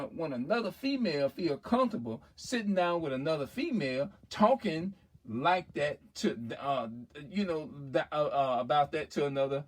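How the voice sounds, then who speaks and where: A man in a casual, rambling monologue as a vlogger, restarting sentences and often asking "you know what I'm saying?". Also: a little high.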